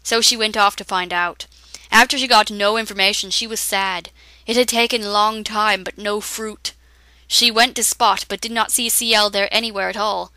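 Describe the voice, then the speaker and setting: Bright-voiced woman reading a story. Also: mid-range voice, steady tone, smooth, dry recording, poor audio. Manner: halting, reads typos as written. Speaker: reader. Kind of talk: reading a fan story aloud.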